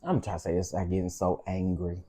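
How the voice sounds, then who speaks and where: A man's voice: deep voice, little pitch movement, a little fast, dark tone, slight background noise. A man hosting his own channel, telling personal stories with frank, heated, preacher-like repetition. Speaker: channel host. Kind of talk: emotional storytime commentary.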